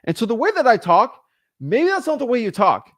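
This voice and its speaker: A young man teaching real estate wholesaling in an energetic, casual way, acting out both sides of phone calls with sellers. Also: very high voice, a little fast, dry recording.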